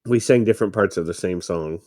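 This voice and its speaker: A man co-hosting a comedy podcast, making rambling deadpan jokes about an old movie. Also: low-pitched, fast, dry recording, clean studio sound. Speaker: podcast co-host. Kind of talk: casual movie riffing commentary.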